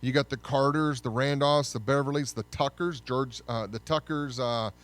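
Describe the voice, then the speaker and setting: A man giving a casual, conversational history lesson, often pausing to correct himself. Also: mid-range voice, steady tone, fairly bright tone. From United States. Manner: conversational, with frequent fillers and self-corrections. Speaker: history teacher.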